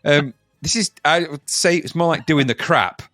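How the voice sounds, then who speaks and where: A man's voice: fairly high pitch, moderate pace, dry recording, studio quality. A man co-hosting a retro games podcast in casual joking chat, often slipping into silly voices. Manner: jokey, lively, slips into silly voices. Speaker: podcast co-host.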